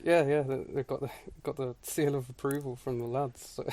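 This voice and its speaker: A man's voice: mid-range voice, flat delivery, normal speed, mellow. A man co-hosting a podcast, making dry, wry remarks with stammered restarts. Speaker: podcast co-host. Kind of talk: casual chat.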